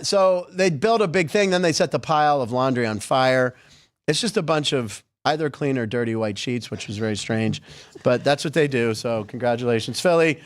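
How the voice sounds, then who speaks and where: A man hosting a sports podcast, chatting casually with wry, sarcastic asides. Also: mid-range voice.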